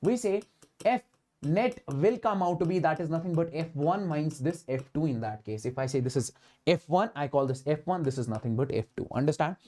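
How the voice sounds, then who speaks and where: A man's voice: a little high, expressive, fairly quick, mellow. Indian guy teaching physics online, keeps repeating stuff, throws in hindi words, talks right at the students. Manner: repetitive, emphatic, mixes Hindi into English. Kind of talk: online exam-prep lecture.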